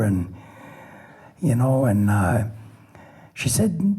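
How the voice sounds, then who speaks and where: A man's voice: medium pitch, big pitch swings, slow pace, long pauses, mellow, husky. A middle-aged man, a police lieutenant, giving a plainspoken personal account with self-deprecating humor and frequent restarts. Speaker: police lieutenant recounting a shooting. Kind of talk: personal testimony talk.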